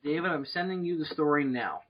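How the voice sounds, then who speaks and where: A man's voice: fairly high pitch, a little fast, muffled recording, crowd noise. A man hosting a podcast, eagerly directing his co-hosts through a game. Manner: excited, directs the others. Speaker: podcast host running the game. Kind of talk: casual chat. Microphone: home mic over a voice call.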